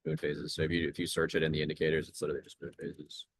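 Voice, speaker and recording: A relaxed young man with a low, deep voice chats casually while commenting on trades live. His voice is close and dry, with no room sound around it. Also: very fast, breathy edge, dry recording. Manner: laid-back, chatty, reads chat aloud. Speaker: trading livestream host.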